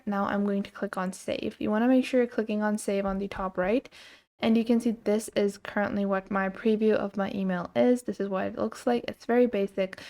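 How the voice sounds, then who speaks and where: A woman talks through a software tutorial one step at a time, in a relaxed voice full of filler words. Her voice sits at a middling pitch with a gravelly, creaky edge. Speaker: tutorial host. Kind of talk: screen-recorded software tutorial.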